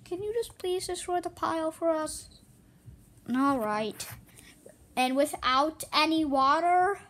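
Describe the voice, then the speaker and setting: A woman improvising playful toy-movie dialogue, excitable and exclaiming, often slipping into sing-song. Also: high voice, takes it slowly, slight background noise. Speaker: home movie maker voicing toy characters.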